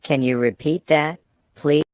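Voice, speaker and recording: A man's voice: a little high, fairly even intonation, measured pace, a little mellow, no room sound. Man reading student phrases, dry and close. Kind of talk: scripted phrase reading for learners.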